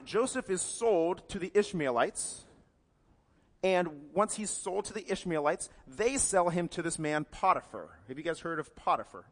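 A man's voice: a little high, a bit bright. Wry man preaching in a reverberant hall. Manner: casual, wry retelling with asides; corrects himself mid-sentence. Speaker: pastor. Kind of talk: sermon.

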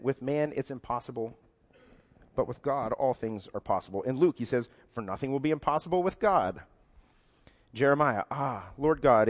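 A man preaching a sermon, talking conversationally and acting out quoted lines in different voices. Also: mid-range voice. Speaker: pastor. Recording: long hall reverb.

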